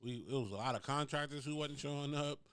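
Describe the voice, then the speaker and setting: A man's voice: medium pitch, fast, a bit bright, clean tone, dry recording, clean studio sound. A man, co-hosting a casual podcast chat with blunt, short, wry remarks. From Chicago, USA. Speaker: podcast co-host.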